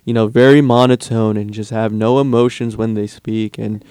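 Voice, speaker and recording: A young man chatting casually as a student podcast co-host, animated and quick to slip into playful impressions. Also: on the low side, smooth, no room sound. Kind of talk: casual chat.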